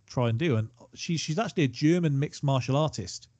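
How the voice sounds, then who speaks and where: A man's voice: on the high side, expressive, fairly quick, darkish tone, no room sound, lo-fi sound. A man co-hosting a casual film chat, chatty and digressive, given to self-deprecating asides. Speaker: podcast co-host.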